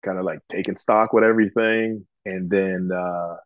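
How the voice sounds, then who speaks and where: Man, low voice, from Georgia, casual storytelling, lots of ums, dry close sound, a bit muffled. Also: moderate pace, no room sound. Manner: relaxed, chatty, frequent ums, acts out quoted dialogue. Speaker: guest, professional wrestler.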